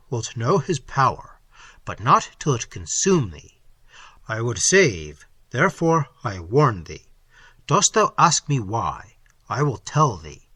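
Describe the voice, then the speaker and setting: A man reading an audiobook and voicing a mysterious foreign stranger who speaks in a solemn, prophetic, measured way. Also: mid-range voice, pushed and bright, slightly rough, no room sound, full character voice. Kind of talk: audiobook character voice.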